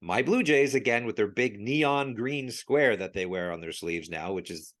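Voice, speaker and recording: A man's voice: medium pitch, normal speed. A man talking as a podcast guest in casual chat, telling stories with animation and frequent laughs. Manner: animated storyteller, laughs often. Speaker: podcast guest, sports logo expert.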